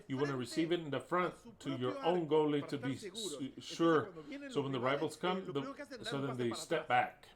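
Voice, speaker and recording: A man on an angry, profane rant, speaking with heat and scorn. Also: fairly high pitch. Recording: crowd audible behind.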